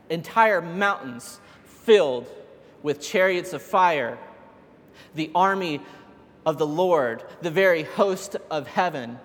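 A man with a fairly high voice preaches a sermon, retelling old stories in a loose, conversational way. He builds to emphatic, insistent peaks. His voice rings out with a long reverb, as in a large church hall. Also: a bit bright.

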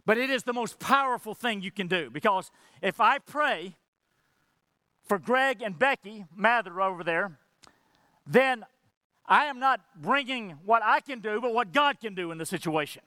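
Male pastor, impassioned sermon, high lively voice, bright dry sound. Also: moderate pace, dry recording. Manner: impassioned preaching with dramatic drops to near whisper; acts out quoted dialogue between God and Moses.

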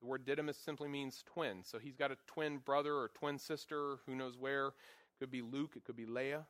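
A man teaching a Bible class in a lively, joking way, acting out quotes and poking fun at himself. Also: medium pitch, moderate pace, dry recording. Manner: animated, acts out quotes with voices; jokey, self-deprecating asides.

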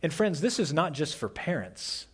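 Man, middle-aged, pastor, sermon, husky, slightly high voice, earnest, hushed emphasis. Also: sing-song, moderate pace. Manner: earnest preaching, drops to a soft hush on key words.

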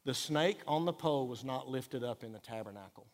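A man pastor, preaching a sermon earnestly and emphatically, dropping quiet for key points. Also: medium pitch, expressive, brisk. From Texas. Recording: echoey hall reverb.

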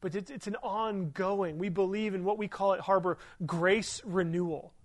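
A middle-aged man preaching a sermon with a notably high-pitched voice. He talks to the congregation in a relaxed, conversational way, telling personal stories earnestly and tossing in rhetorical questions. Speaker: pastor.

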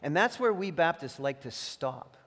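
A man's voice: a little high, sing-song, normal speed, fairly bright tone. A man preaching a sermon as pastor, earnest and teacherly, leaning hard on key phrases. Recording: long reverb of a large hall.

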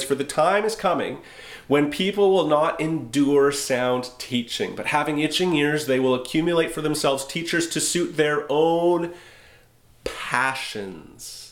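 A man preaching a sermon as pastor, conversational and wry, slowing down for emphasis. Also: fairly high pitch, roomy sound. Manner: conversational, wry, with dramatic slowdowns. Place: church sanctuary.

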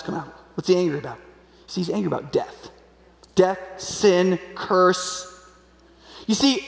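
A pastor in his forties delivers a conversational sermon in an echoey hall with long reverb. He keeps asking "right?" to check in with listeners and acts out quoted voices with sudden jumps in pitch.

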